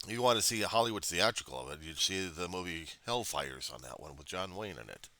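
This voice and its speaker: A man's voice: sits low, expressive, a little fast, sharp tone, no echo. An American man vlogging a rambling, profane history monologue, full of digressions and self-corrections. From United States.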